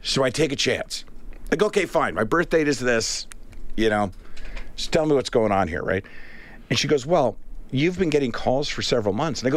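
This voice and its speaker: Animated man telling a story. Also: mid-range voice, fairly quick. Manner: animated, acts out both sides of the conversation. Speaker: radio talk show co-host. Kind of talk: casual on-air storytelling.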